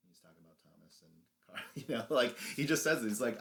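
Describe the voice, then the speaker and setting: A man's voice: mid-range voice, a little fast, few pauses, a bit bright. A young man co-hosting a podcast, animatedly retelling a reality show episode, acting out the lines and laughing often. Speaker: podcast co-host. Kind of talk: casual recap chat.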